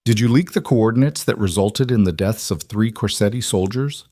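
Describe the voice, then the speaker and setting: A man voicing a bored older polygraph examiner who asks routine questions flatly. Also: fairly low pitch, moderate pace, no room sound, studio quality, natural voice.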